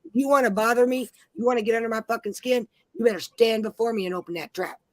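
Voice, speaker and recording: A woman's voice: a little high, fairly even intonation, fast talker, darkish tone, no room sound. A woman in her forties telling brash, profane stories in a casual chat. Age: 40s. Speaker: panel host.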